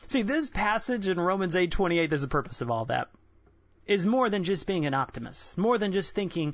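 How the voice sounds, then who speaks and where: A man's voice: high-pitched, very animated, dry recording. Earnest young man giving a devotional. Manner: earnest, candid, halting with frequent restarts. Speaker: Christian devotional speaker. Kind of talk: personal devotional sermon. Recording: dull lo-fi dry recording.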